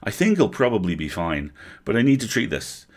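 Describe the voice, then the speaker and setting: A man reading aloud as a kind, patient male elf animal healer, gentle and coaxing. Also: on the low side, big pitch swings, fairly quick, pitched above the performer's own voice. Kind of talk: storybook character reading.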